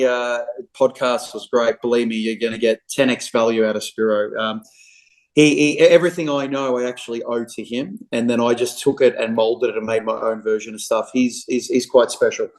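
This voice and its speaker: A middle-aged Australian man speaks in an easy, anecdotal way, a real estate agent guesting on a podcast. His voice sits at an ordinary middle pitch. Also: fairly even intonation, normal speed, a little mellow, poor audio. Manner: chatty, anecdotal storyteller. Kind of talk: casual podcast interview.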